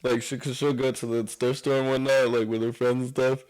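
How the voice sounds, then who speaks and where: Young male guest, relaxed rambling storyteller, casual. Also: mid-range voice, brisk, rough recording. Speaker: podcast guest, clothing designer. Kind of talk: casual chat.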